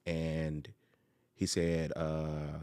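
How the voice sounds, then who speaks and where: A young man, a podcast guest, telling a personal story in a casual, animated way and acting out the people in it. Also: a bass voice, drawn-out words, clear, resonant tone. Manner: animated, acts out quoted people.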